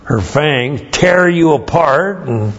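A man's voice: fairly high pitch, animated, slow pace, slightly rough. A man teaching a Bible lesson, explaining Hebrew words and spelling them out letter by letter. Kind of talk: verse-by-verse Hebrew word study. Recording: dull lo-fi recording.

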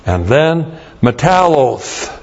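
A man's voice: on the high side, big pitch swings, drawn-out words, vocal fry, slight background noise. A man teaching a Bible lesson, explaining Hebrew words and spelling them out letter by letter. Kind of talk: verse-by-verse Hebrew word study. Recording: dull lo-fi recording.

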